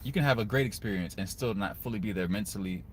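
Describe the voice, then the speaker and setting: A young man, giving casual, earnest advice to other men, often turning to the listener with a quick "right?". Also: on the low side, slight background noise. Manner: earnest, conversational, repeats "guys" and "right?". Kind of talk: casual motivational talk to camera.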